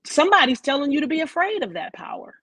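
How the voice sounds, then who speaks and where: A woman's voice: high voice, sing-song, fast, a bit bright, no room sound. Emphatic, dramatic woman vlogger. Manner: emphatic and dramatic, heavy swearing. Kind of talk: casual commentary.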